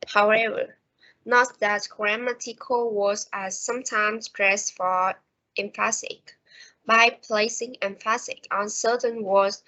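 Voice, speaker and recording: A woman presents a pronunciation lesson at an unhurried, deliberate pace, reading from her notes. Her voice is of middling pitch and comes through a dull, lo-fi recording. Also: a bit bright. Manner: slow, careful reading of prepared notes. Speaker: student presenter.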